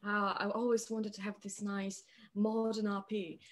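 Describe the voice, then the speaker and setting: A young woman from Poland with a Polish accent, chatting as a podcast guest, hesitant, with many pauses and restarts. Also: medium pitch, little pitch movement. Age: young adult. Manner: hesitant, many fillers and restarts, laughs often. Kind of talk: casual podcast chat.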